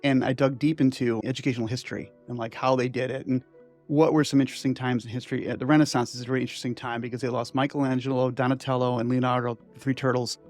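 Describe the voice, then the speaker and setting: Older man in his sixties, inventor, rambling interview storyteller, mid-pitched voice, faint music behind. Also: quick pace. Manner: animated, digressive, many "like" and "right?" asides.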